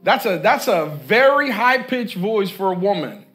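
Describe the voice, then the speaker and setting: A man preaches to his congregation in a high, animated voice with a fairly bright tone at normal speed. Reading from scripture, he stops to comment and repeatedly asks questions he wants the church to answer.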